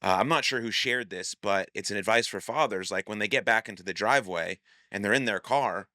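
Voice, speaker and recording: A man's voice: on the low side, fairly quick, sharp tone, no room sound, clean studio sound. A man hosting a podcast, casual and thinking aloud, who also coaches players. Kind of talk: podcast interview.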